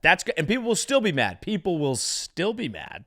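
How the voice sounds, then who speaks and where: A man hosting a comedy show, delivering a sarcastic, ranting monologue that swings from loud outbursts to mumbled asides. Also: medium pitch, very animated, a little fast, hardly any pauses. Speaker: comedian host. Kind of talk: stand-up style comedic monologue.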